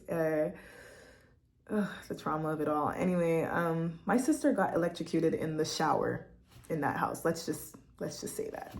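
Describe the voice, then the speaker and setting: A woman's voice: on the low side, darkish tone. Candid, heartfelt young woman from Quebec. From Quebec, Canada. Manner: candid, heartfelt, chatty, often laughing. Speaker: vlogger. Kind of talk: personal testimony vlog. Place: at home, seated at a laptop.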